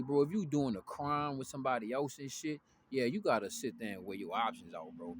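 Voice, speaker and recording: A man's voice: fairly high pitch, a little hiss or hum. A man giving a casual spiritual rant, full of profanity and street slang and constantly asking "you know what I'm saying". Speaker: spiritual vlogger.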